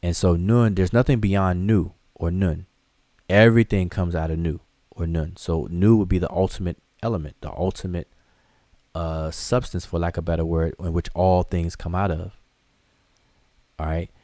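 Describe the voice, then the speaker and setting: A man's voice: sits low, fairly even intonation, normal speed, dark tone, no room sound. A man teaching a live online class, explaining loosely and conversationally with frequent restarts and fillers as he answers viewer questions. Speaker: hieroglyphics teacher.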